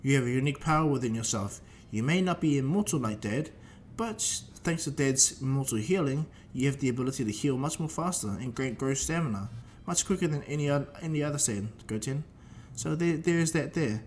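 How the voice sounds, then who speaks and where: A man's voice: medium pitch, animated, brisk, hardly any pauses, darkish tone, slight background noise, close to an everyday voice. A man voicing a kind young warrior who reassures his little brother in a spoken fan retelling. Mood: reassuring. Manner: reassuring, encouraging. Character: kind young adult male warrior, protective older brother.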